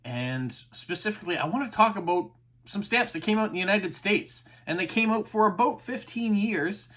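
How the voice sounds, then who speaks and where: With a high-pitched, expressive, fairly bright voice, a man speaks at a moderate pace to camera. He hosts a stamp collecting channel, enthusiastically chatting and explaining terms while often saying "uh."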